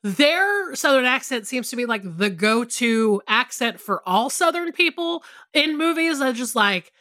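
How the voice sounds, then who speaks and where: A woman co-hosting a podcast in casual, animated chat, swearing freely and often restarting her sentences. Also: sits high, a little slow, no room sound, studio quality. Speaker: podcast co-host.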